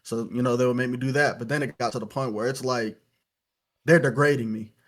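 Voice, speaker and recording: A man's voice: medium pitch, fairly even intonation, brisk. A young man from Louisiana, a podcast guest telling his story in a casual, reflective way, with lots of "you know" fillers.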